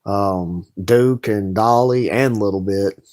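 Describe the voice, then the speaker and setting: A man's voice: on the low side, takes it slowly, darkish tone. A man ranting bluntly and rambling on a late-night livestream from home, swearing often. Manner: blunt, rambling, heavy profanity. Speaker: livestream host.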